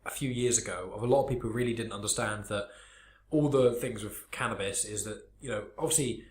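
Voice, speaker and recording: Fast-talking podcast host. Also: male voice, on the low side, echoey room. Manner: rambling, animated, quick-talking. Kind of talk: casual chat.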